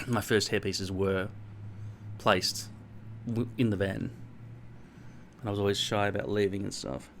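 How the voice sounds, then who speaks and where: A man's voice: on the low side, steady tone, measured pace, gravelly, pauses often, a little hiss or hum. A middle-aged Australian man vlogging at home in a rambling, blunt, self-mocking way, swearing freely. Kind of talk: casual rambling monologue to camera.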